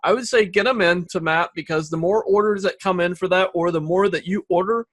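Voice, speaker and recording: A man hosting a webinar, reading out audience questions in a relaxed, upbeat way. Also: high-pitched, a little fast, dry recording, clean studio sound. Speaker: webinar host.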